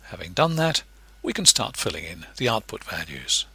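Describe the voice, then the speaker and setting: Male lecturer, husky bright voice, patient and explanatory, animated pitch. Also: moderate pace, no echo. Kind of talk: recorded lecture narration.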